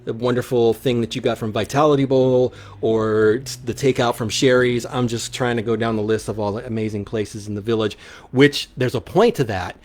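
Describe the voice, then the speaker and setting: A man's voice: mid-range voice, fairly even intonation, moderate pace, a little mellow. Rambling man hosting local live radio. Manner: rambling, many ums and restarts, upbeat. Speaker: local radio show host. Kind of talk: casual live radio chat reading listener questions.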